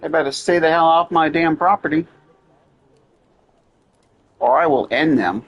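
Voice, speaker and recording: A man's voice: fairly high pitch, measured pace, lo-fi sound. A man giving casual gameplay commentary, profane and sarcastic, irritated at the game characters. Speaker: gamer playing and commenting.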